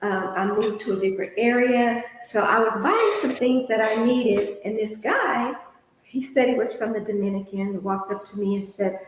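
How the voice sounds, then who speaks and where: A middle-aged woman co-hosting a casual chat, telling a story in an animated way and laughing often. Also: fairly high pitch, normal speed. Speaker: podcast co-host. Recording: very echoey room with long reverb.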